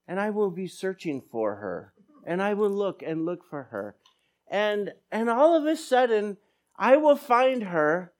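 A middle-aged man preaching a sermon as pastor, telling stories with quoted dialogue. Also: sits high. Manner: animated storytelling with quoted dialogue.

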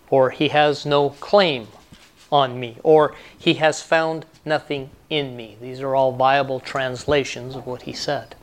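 A man's voice: medium pitch, fairly even intonation, measured pace. A male pastor preaching a sermon in a conversational way, repeating key lines for emphasis.

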